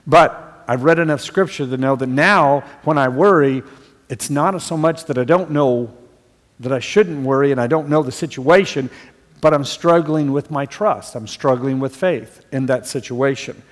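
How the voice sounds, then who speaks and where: A man's voice: medium pitch, moderate pace, long reverb tail. A man preaching a sermon in an earnest voice that rises to emphatic stresses on key points.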